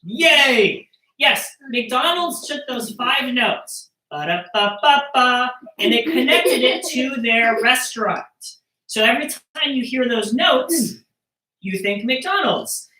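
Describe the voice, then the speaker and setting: A playful woman talks to children through a computer as she teaches about storytelling with percussion. Her voice is bright and fairly high, and she jokes around with the kids. The sound is roomy, with the mic some distance away. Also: lively intonation, slow pace. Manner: playful, jokey, talking to kids. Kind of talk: live-streamed teaching for children.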